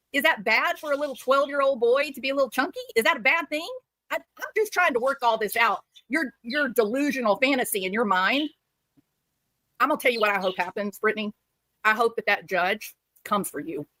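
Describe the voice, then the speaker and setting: A woman's voice: fairly high pitch, pushed and bright, no echo. A woman giving heated commentary as a streamer, scolding and repeating herself for emphasis.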